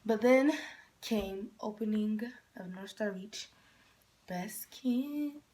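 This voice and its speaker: A young woman from Michigan telling a story in a casual vlog, rambling, often dropping to a whisper and jumping up in pitch when she quotes herself. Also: slow pace, warm tone. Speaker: vlogger.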